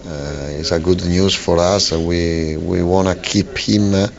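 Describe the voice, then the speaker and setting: A football manager giving a halting post-match radio interview, full of fillers and restarts, on a lo-fi broadcast. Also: male voice, low-pitched, steady tone, gravelly.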